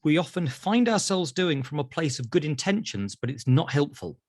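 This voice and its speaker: Lively British man telling stories. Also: on the high side, normal speed, no room sound, studio quality. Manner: acts out voices in anecdotes. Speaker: therapist guest. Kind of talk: animated storytelling in interview.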